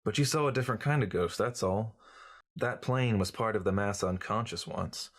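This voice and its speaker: The man's voice is on the low side and moves at a normal speed as he voices a cynical, glib journalist in an audiobook. The mood is lecturing, with a breezy, know-it-all manner.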